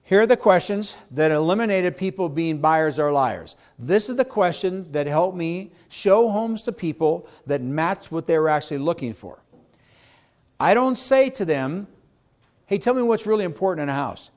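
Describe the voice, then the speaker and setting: A man's voice: a little high, animated, unhurried, a little mellow. Emphatic man teaching a sales seminar. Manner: emphatic, asks the audience questions, acts out client quotes. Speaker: real estate sales trainer. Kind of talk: seminar talk to a live audience.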